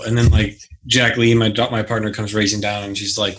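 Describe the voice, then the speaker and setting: Bright-toned man telling stories animatedly. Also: lowish voice, brisk, few pauses. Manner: animated storytelling, acts out his own reactions. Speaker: guest, business mentor. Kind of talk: conversational interview.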